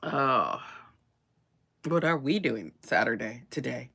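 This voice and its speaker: A woman's voice: rumbling low, animated, slow pace, creaky, fairly bright tone, husky. A woman chatting casually as a co-host, rambling with many restarts and laughs. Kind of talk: casual chat.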